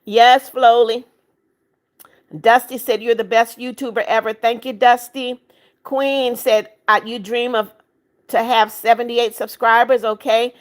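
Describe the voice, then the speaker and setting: A woman in her seventies hosts a livestream, with a slightly high voice. She reads chat comments aloud in a chatty way and keeps pleading for likes and subscribers. She turns blunt when she scolds rude viewers. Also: little pitch movement, unhurried. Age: 70s. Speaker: livestream host. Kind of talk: reading live chat comments.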